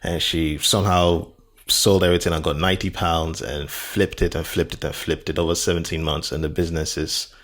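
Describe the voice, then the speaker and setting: A man's voice: sits low, flat delivery, fairly quick, a bit bright. A man hosting a podcast in casual interview chat, upbeat and repeating words for emphasis. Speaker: podcast host.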